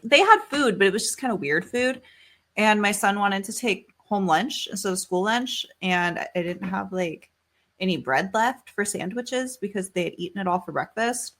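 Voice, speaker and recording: A woman's voice: fairly low pitch, a bit bright. A woman in her thirties, a podcast co-host, telling a story in casual chat. She rambles with many fillers and swears freely.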